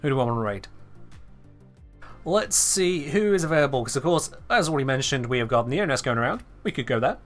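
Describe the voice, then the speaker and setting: A game streamer from England talks casually and wryly to his live-stream chat in an English accent. His voice is mid-range with a slightly bright tone.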